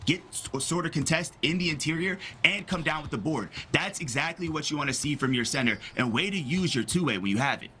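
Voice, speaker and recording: A man in his thirties giving excitable live analysis of an esports basketball match. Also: fairly high pitch, brisk, few pauses, a little hiss or hum. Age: 30s. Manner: excitable, breaks into laughter. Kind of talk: live game analysis commentary.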